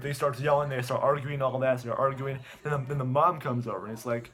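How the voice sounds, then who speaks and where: A man's voice: mid-range voice, steady tone, fairly quick, a bit bright. A man casually retelling a story in a rambling way, restarting often. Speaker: video host. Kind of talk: casual rambling plot recap.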